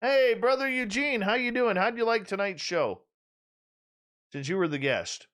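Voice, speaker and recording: A man's voice: high-pitched, moderate pace, clean tone. A man hosting a radio talk show, chatting casually and joking as he teases a regular listener. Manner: joking, teasing, animated. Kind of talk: casual chat.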